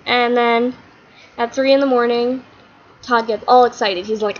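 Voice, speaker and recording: A chatty woman vlogger rambles through a silly story, her voice a little high. The recording is slightly muffled, with a faint hiss underneath. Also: steady tone, measured pace.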